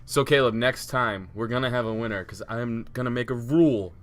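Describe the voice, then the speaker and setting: A man's voice: mid-range voice, brisk. Joking man in casual podcast banter. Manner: joking and profane, laughs often, mimics people in asides. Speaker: podcast co-host. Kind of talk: casual wrestling recap chat.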